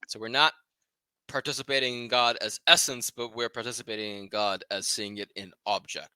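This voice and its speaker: A man's voice: mid-range voice, fairly even intonation, brisk, pushed and bright, smooth, dry recording. A man co-hosting a podcast book club, reading dense philosophy passages aloud and commenting on them casually, cursing and laughing at himself. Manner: reads passages then comments loosely, swears and laughs at himself.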